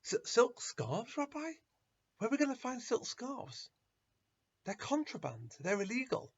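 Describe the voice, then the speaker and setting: A man voicing anxious young male disciples who stammer and protest loudly, on a dull lo-fi recording. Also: fairly high pitch, lively intonation, moderate pace, gravelly, breathy edge, pitched above the performer's own voice, heavily acted. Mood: startled.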